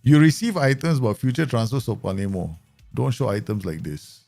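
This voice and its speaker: A man's voice: medium pitch, fairly quick, vocal fry, a little mellow. Chatty guy streaming a football sim, laughs a lot, faint music behind. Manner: chatty, laughs often, playful asides. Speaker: game streamer. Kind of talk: casual live-stream commentary.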